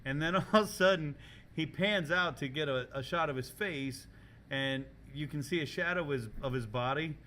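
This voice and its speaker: A man with a slightly high, bright, forceful voice hosts a casual podcast from a school kitchen. He tells animated, profane stories and laughs often as he talks. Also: normal speed, slight background noise. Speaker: podcast host and culinary teacher.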